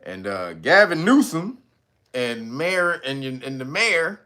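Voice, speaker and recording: A man's voice: medium pitch, slow. A man in his thirties hosting casual commentary, profane and laughing as he talks. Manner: laughing, profane, animated storytelling. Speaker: host.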